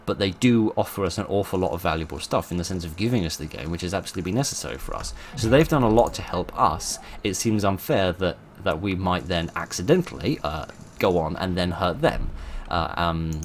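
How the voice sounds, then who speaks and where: Man, very low voice, informal channel talk, hesitant and thoughtful, faint hiss behind. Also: expressive, a little fast, hardly any pauses. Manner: thoughtful, hesitant, many fillers and restarts. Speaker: channel host.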